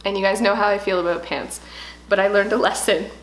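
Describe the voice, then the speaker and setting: A woman in her thirties, a home decor vlogger telling a story in casual, animated chat. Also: medium pitch, a little fast, slight background noise. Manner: chatty, animated storytelling with laughs. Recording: echoey room.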